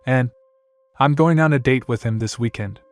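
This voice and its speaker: A man's voice: mid-range voice, moderate pace, no echo, soft background music, natural voice. Man reading as a flustered, nervous uncle.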